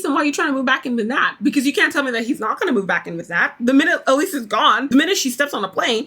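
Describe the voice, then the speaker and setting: A young woman casually recapping a reality show, chatty and quick, acting out the lines people said. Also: high voice, animated, sharp tone, slightly rough, faint music behind. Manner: chatty, fast, full of "like", acts out quotes.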